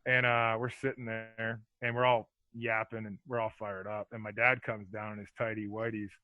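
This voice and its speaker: A middle-aged man, a former hockey enforcer, telling rambling, animated stories as a podcast guest. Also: on the low side, normal speed, dry recording, phone-quality sound. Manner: rambling, animated, lots of fillers. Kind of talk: casual storytelling.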